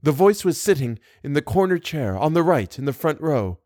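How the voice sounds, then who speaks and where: A man's voice: a little high, moderate pace, dry recording, studio quality, pitched above the performer's own voice. A man voicing a haughty old box-keeper woman. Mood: confiding. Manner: haughty, excitable. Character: indignant gossipy older woman box-keeper.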